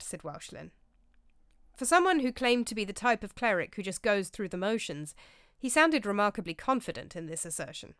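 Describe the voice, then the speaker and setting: A woman reading an audiobook in a steady, even narration. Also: fairly low pitch, a little fast, no echo, clean studio sound.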